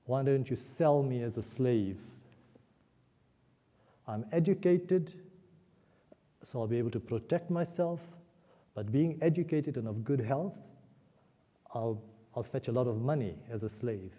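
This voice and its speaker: A man's voice: medium pitch, measured pace, pauses often, mellow, big-room sound, dull audio, lightly acted. Man voicing a pleading devoted queen. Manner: earnest, pleading.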